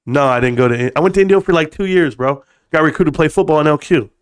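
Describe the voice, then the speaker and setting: Brief: high-pitched male stream host, loose profane joking rants, calls everyone bro. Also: fast talker, clean tone. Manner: addresses viewers as bro. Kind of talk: casual live stream chat.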